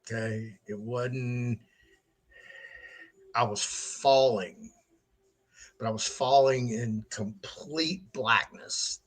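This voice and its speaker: A man's voice: medium pitch, drawn-out words, pauses often, breathy edge. A middle-aged man hosting his own show, telling a story in a casual monologue, laughing often and swearing freely. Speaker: show host.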